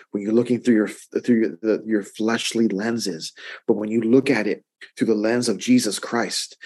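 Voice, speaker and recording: Low-voiced pastor teaching scripture. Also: male voice, darkish tone, breathy edge. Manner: conversational, checks in with "right?" and stacks emphatic repeats. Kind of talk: verse-by-verse Bible teaching.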